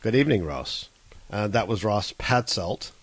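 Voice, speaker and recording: A man's voice: on the low side, lively intonation, unhurried, dry recording. A man hosting a casual call-in web show over Skype, flustered and apologetic, laughing often.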